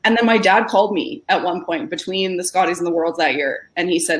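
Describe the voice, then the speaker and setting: A woman's voice: fairly low pitch, a little fast, hardly any pauses. A woman, a former national-team curler, telling a candid personal story in an earnest, emphatic way. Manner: earnest, emphatic, repeats herself.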